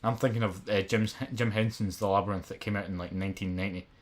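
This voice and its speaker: A Scottish man in his twenties rattles along quickly in sweary, rambling podcast chat. His voice sits a little low, and his stories tumble out with loose, offhand energy. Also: fairly even intonation. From Scotland. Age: 20s. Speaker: podcast co-host. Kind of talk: casual chat.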